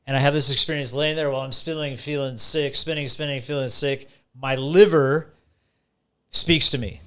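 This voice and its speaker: A man telling a story as a podcast guest in casual chat, animated and vivid, often slowing down for effect. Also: medium pitch, clean tone.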